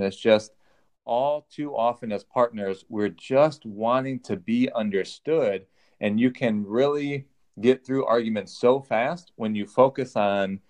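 A man's voice: fairly low pitch, darkish tone. A man, a relationship coach, speaking earnestly as a podcast guest and acting out bits of dialogue. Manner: earnest, acts out quoted dialogue. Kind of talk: casual podcast interview.

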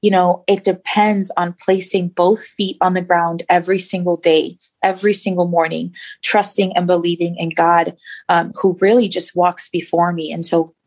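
A woman's voice: lowish voice, flat delivery, moderate pace, a little mellow, husky. A woman guest in an interview, sharing her personal faith story in an earnest, reflective way with many fillers.

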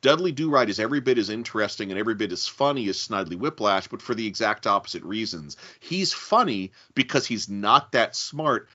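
A man with a low, bright, forceful voice talks casually about a film as a podcast co-host. He is analytical and often restarts his words while he thinks. The sound is dull and lo-fi. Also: expressive, a little fast, hardly any pauses. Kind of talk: casual chat.

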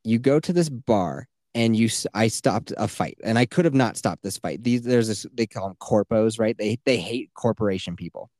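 A man's voice: fairly low pitch, normal speed, hardly any pauses, darkish tone, no room sound, studio quality. A man hosting a podcast, telling a long rambling story in casual chat, swearing freely and leaning on filler words. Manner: rambling and profane, full of "like" fillers. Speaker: podcast host.

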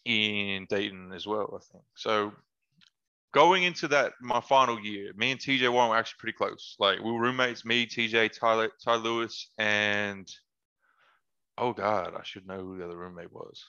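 A man's voice: on the low side, moderate pace, sharp tone, smooth, dull audio. A man chatting casually as a podcast guest, telling stories in a laid-back way with slangy asides and frequent laughs. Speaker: podcast guest, former basketball player. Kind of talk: casual storytelling chat.

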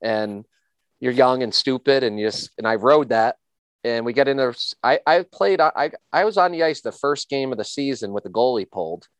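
A middle-aged man spins casual, rambling stories, stumbling over repeated words as he gets going. His voice is smooth and resonant, recorded dry and close with no room around it, and sits at an ordinary pitch. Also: lively intonation, normal speed, no room sound. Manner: rambling, repeats words when starting sentences. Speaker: former pro hockey player. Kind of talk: casual storytelling chat.

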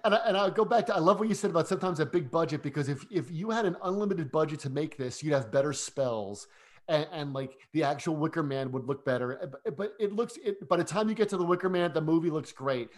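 Guy with a bit of a higher voice chatting about movies, eager, keeps repeating words as he goes. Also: lively intonation, quick pace. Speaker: podcast co-host. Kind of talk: casual film discussion.

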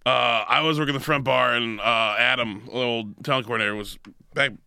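A man with a gravelly, bright voice sitting a bit high, telling a rambling workplace story. He strings his thoughts together with "like" and "uh". The sound is close and dry. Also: steady tone, brisk, no echo. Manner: rambling, lots of "like" and "uh". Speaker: bartender. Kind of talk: casual storytelling.

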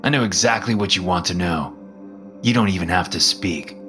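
A man voicing Lucifer, a smug and mocking male devil who speaks calmly and knowingly in a horror story reading. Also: deep voice, normal speed, music in the background, lightly acted.

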